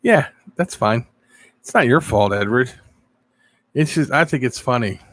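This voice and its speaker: A man hosting a casual live stream, telling animated stories and answering viewers' chat. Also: mid-range voice, a little slow, no room sound. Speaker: live-stream show host.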